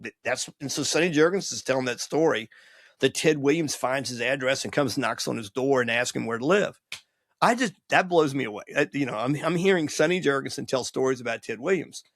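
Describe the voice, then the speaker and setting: A man in his sixties with a gravelly, creaky voice, talking through old stories in a loose, digressive way. The recording is dry and close, with no room sound. His pitch sits in an ordinary middle range. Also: animated, a little fast, a bit bright, no echo. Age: 60s. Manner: rambling, digressive, nostalgic storyteller. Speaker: podcast host and college baseball coach. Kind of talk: casual storytelling monologue.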